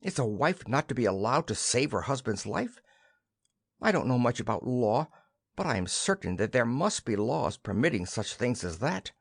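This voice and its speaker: A man's voice: medium pitch, slightly rough, no room sound, clean studio sound. A man voicing a young wife who hides a secret, pleading and then brushing off her worry.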